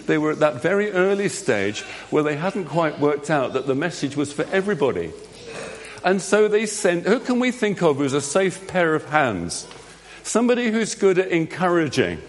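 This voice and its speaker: A man's voice: fairly high pitch, big pitch swings, moderate pace, slight background noise. A man leading an all-age church talk, acting out a Bible story with volunteers in a jokey, directing manner. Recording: long hall reverb.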